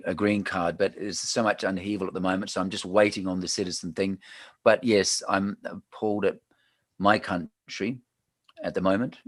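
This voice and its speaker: A man's voice: low voice, no room sound. A man from Australia with an Australian accent, hosting a chatty, joking live talk show after a panel. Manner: chatty, jokey, laughs often. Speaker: host. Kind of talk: casual livestream chat.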